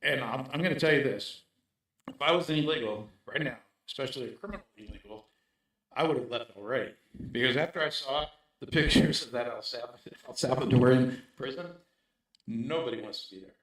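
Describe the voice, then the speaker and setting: A man's voice: mid-range voice, a little fast, a bit bright. A man speaking in a casual interview as a guest, making his points emphatically and checking in with "right?". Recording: very echoey room.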